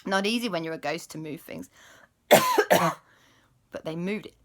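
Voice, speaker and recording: A woman telling a children's story as host, animated and dropping into spooky whispers. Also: on the low side, moderate pace.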